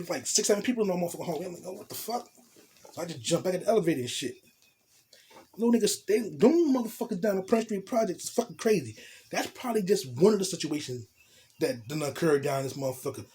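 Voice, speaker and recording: A man telling a storytime tale in profane street slang, animated and blunt. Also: fairly high pitch, a little hiss or hum. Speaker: storytelling vlogger. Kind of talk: casual storytime monologue.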